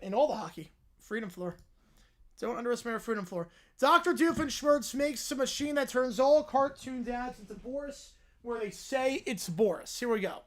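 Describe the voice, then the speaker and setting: A woman hosting a livestream, reading comedy sketches aloud and jumping into character voices. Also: fairly high pitch. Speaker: livestream host.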